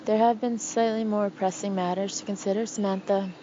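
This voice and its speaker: A woman voicing an older male senior lawyer, jolly but gruff, speaking in a formal, measured, clipped way. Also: medium pitch, steady tone, dark tone, highs cut off, slight background noise, natural voice. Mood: testy.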